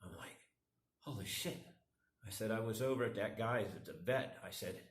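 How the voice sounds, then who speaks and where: A man's voice: fairly low pitch, normal speed. A middle-aged man vlogging, telling a rambling, self-deprecating story and acting out the quotes. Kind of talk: casual storytelling. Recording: echoey room.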